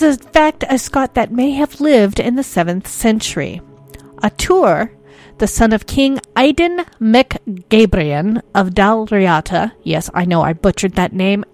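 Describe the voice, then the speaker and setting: A woman podcast host speaks into a desk microphone in a relaxed, chatty way. She is giggly and pokes fun at herself, and her voice sits at an ordinary middle pitch. Soft music plays faintly in the background. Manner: giggly, self-mocking and chatty. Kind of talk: casual chat and storytelling narration.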